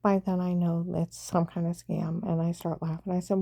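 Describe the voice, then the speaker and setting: Woman, gravelly, mellow tone, rambling monologue, dry close sound. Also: fairly low pitch, level tone, measured pace, no room sound. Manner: rambling, with sudden whispered asides. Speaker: vlogger recounting events.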